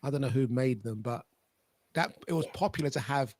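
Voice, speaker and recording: Male host, easygoing video-call chat; gravelly voice, dry and close. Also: mid-range voice, fairly quick, a little mellow, no echo. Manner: easygoing and laughing, with many restarts. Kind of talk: casual group chat.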